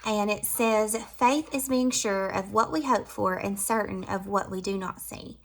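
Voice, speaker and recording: A Southern woman chats through a casual tour of her spring decorating at home. Her pitch is mid-range and her tone is affectionate and easygoing. She wanders between hushed, tender asides and brighter, more excited comments. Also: unhurried, gravelly. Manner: chatty and affectionate, drifting between soft and lively.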